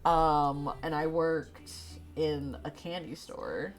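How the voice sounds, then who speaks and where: A woman's voice: low voice, steady tone, slow pace. A young woman streaming, congested and tired, chatting loosely with viewers and laughing often. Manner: rambling, frequent laughs and fillers. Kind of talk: casual chat with stream viewers. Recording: faint music behind.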